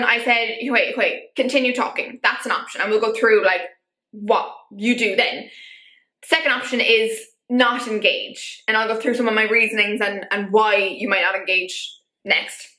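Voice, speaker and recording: A woman's voice: on the high side, bright, forceful tone, reverberant. A woman talking casually to camera in a vlog, chatty and full of filler words, getting fired up as she goes. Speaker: vlogger. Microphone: camera mic.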